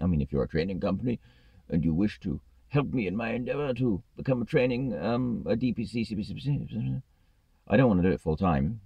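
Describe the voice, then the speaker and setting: A man's voice: sits low, vocal fry, no room sound, lo-fi sound. A man, a truck driver, ranting in a vlog, exasperated and swearing freely.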